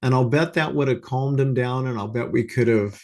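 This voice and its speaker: A man gives an informal spiritual talk in an earnest, conversational way. His voice sits at a middle pitch, and he often pauses and restarts as he works through his thoughts. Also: darkish tone. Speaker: speaker giving a spiritual talk. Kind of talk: informal sermon. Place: talk to a small congregation, also streamed online.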